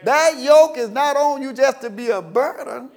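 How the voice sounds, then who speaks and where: A man preaching a sermon as pastor, folksy and storytelling, breaking into sudden shouts and chuckles. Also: very high-pitched, normal speed, faint music behind.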